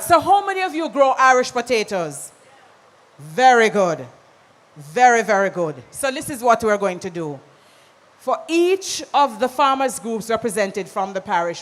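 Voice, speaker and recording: An MC with a Jamaican accent hosting a live event, calling out loud directions to a crowd and slipping into patois. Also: medium pitch. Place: large conference hall. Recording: hall reverb with music behind.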